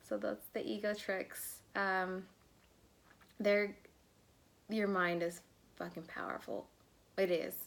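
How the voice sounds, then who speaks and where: A young adult woman, a love coach, talking casually and bluntly to her viewers, swearing freely. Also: mid-range voice. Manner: blunt, swears freely, calls listeners bro. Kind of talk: casual vlog-style talk to viewers.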